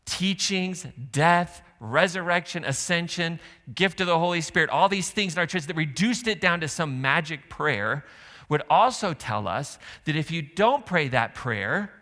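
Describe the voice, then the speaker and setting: Bright-voiced preacher in a reverberant church. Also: male voice, fairly high pitch. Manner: conversational, animated storytelling with asides to the congregation. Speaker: pastor. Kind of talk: sermon. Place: church sanctuary. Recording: long hall reverb.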